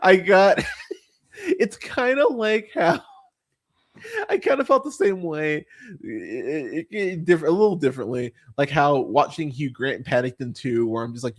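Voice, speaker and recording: A man hosting a casual movie podcast, rambling and swearing freely, full of fillers and restarts, and turning animated when he mocks what he saw. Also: fairly high pitch, measured pace. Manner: animated when mocking characters. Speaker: podcast host. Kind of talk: casual movie review chat.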